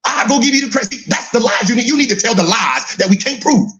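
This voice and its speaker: A man's voice: extremely high pitch, expressive, fast talker, a bit bright, highs cut off, faint music behind. A middle-aged man giving casual mocking commentary, laughing often and teasing with repeated "huh?" questions. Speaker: podcast co-host reacting to clips.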